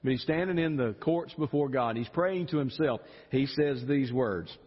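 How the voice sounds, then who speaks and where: A man's voice: mid-range voice, normal speed, breathy edge, in a large hall, dull audio. A man preaching an emotional evening sermon, often repeating words as he builds. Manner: animated, emotional, repeats words when stirred. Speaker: pastor. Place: church sanctuary.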